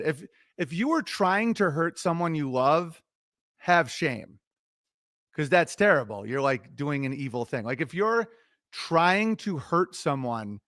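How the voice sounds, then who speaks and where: Animated, cussing middle-aged man. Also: on the high side, dry recording, clean studio sound. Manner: animated, profane, self-interrupting. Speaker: livestreamer giving relationship advice. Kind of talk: casual rambling monologue.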